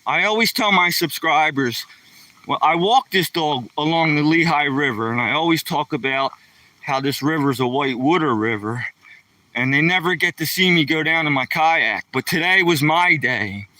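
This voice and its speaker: A man's voice: on the high side, lively intonation, moderate pace, pushed and bright, no room sound, far from the mic. A man livestreaming casually, rambling in a folksy way and chatting to viewers by name. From Pennsylvania. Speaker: livestreaming vlogger. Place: outdoors by a lake, walking a dog.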